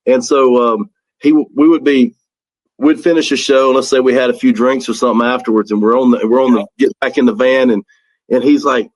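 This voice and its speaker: A man's voice: mid-range voice, steady tone, a little fast, rough recording. A man from South Carolina with a Southern accent, a musician guest on a radio interview who tells rambling stories with lots of restarts and laughs.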